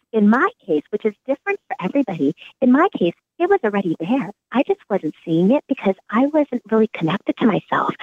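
A woman's voice: medium pitch, dry recording. A middle-aged woman, a psychiatrist and author, giving earnest, reflective interview answers. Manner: earnest, animated, acts out remembered dialogue. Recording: dry, phone-like narrow sound.

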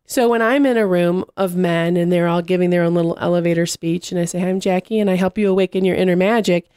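A woman in casual conversation, telling animated stories and acting out what people said. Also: fairly low pitch, fast, clean tone, no room sound, studio quality. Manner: animated storyteller, acts out quotes.

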